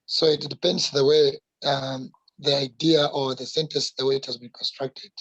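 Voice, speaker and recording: Husky man explaining hesitantly in class. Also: mid-range voice, level tone, normal speed, fairly bright tone, no echo, highs cut off. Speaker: class participant. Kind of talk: online class discussion.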